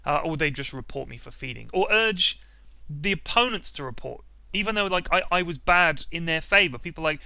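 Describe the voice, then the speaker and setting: A man's voice: on the high side, expressive, brisk, gravelly, sharp tone, no echo. A young man hosting a comedic gaming rant, sarcastic and self-mocking. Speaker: video host.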